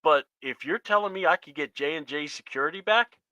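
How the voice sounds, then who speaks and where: A man co-hosting a casual podcast chat, animated, laughing often and acting out quotes as he talks. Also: on the high side, a little fast, dry recording, dull audio. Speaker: podcast co-host.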